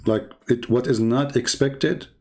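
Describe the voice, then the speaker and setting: A man's voice: mid-range voice, measured pace, a little mellow. A man hosting an online debate show, talking in a sarcastic, mocking monologue full of fillers and restarts.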